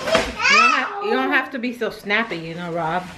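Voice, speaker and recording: A woman's voice: fairly high pitch, wildly swooping pitch, normal speed, heavy background noise. A woman vlogging at home into a handheld camera, chatting casually with teasing, grumbling asides. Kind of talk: casual home vlog chat.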